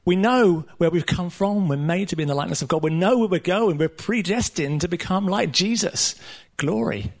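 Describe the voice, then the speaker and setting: A man preaching a sermon to a room of listeners, earnest and emphatic, with casual asides and pauses. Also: high-pitched. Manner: casual asides with light laughter. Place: room with a live audience.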